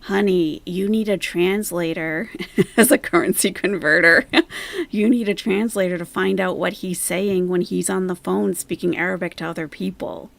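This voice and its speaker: A woman's voice: fairly low pitch, steady tone, moderate pace, creaky, no room sound. A woman hosting a reaction commentary, mocking the person in the clips she plays. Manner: scornful, mocking. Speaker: commentary channel host.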